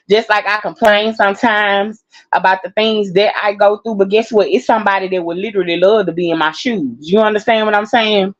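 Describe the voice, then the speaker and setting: A tired woman talking casually to her viewers, rambling and heartfelt, calling them y'all and laughing through her exhaustion. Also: mid-range voice. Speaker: vlogger. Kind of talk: casual personal talk to viewers. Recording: dull lo-fi sound.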